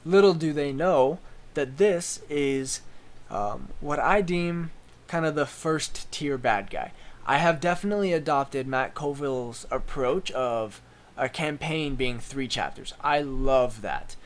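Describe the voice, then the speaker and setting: A man's voice: medium pitch, slow pace. A man, the game master, casually recapping a tabletop campaign with lots of ums. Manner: relaxed, filler-laden storytelling.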